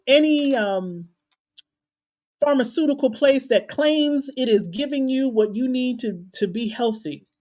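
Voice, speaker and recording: A woman life coach hosting a motivational live stream, talking candidly and casually to her viewers and laughing at herself now and then. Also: mid-range voice. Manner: casual, colloquial talk to viewers.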